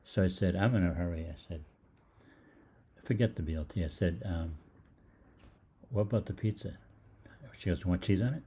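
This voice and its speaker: Speaking at a moderate pace with long pauses, this older health show host has a low, mellow voice over slight background noise. He meanders through a chatty story, voicing the others involved, with frequent ums and restarts.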